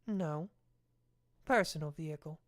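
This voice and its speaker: A woman voicing a formal, aloof male FBI agent with a Southern accent, speaking softly and with measured courtesy. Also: low-pitched. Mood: courtly.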